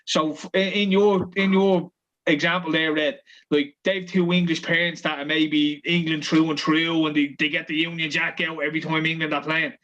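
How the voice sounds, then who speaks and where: Irish bloke, high voice, casual sweary football pod co-host. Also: male voice, normal speed, muffled recording. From Ireland. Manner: swears freely, animated.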